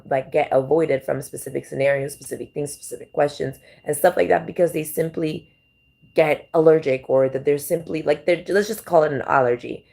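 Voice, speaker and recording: A woman's voice: sits low, creaky, darkish tone. A woman hosting a livestream, talking in a loose, circling way, repeating her questions and filling gaps with "like" and "right". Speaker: livestream host. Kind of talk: rambling livestream monologue.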